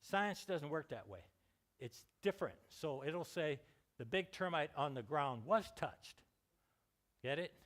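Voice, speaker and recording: A man's voice: a little high, expressive, measured pace, fairly bright tone. A man with a Californian American accent giving an informal lecture on scientific writing, chatty, with joking asides and restarted words. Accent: Californian American English. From California, United States.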